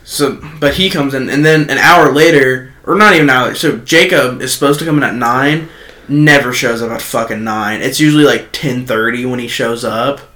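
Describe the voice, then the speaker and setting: A man's voice: medium pitch, moderate pace, sharp tone. A young adult man co-hosting a podcast, telling rambling, profane work stories in casual chat. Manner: rambling, profane, quotes coworkers. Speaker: podcast co-host.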